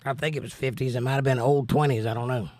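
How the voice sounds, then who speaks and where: Folksy Southern man, hoarse. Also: mid-range voice, fairly even intonation, fast, darkish tone, no room sound. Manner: easygoing, folksy, drawling. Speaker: livestream host. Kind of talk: reading chat comments aloud on a livestream.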